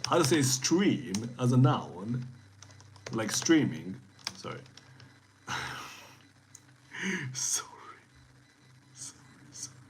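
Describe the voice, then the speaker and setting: A Japanese-accented man leads a relaxed live-streamed lesson, his voice swinging up and down as he cheers his viewers on. He talks at a medium pitch. Faint room noise and keyboard typing sit under his voice. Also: low-quality recording. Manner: lively, encouraging, switches between English and Japanese.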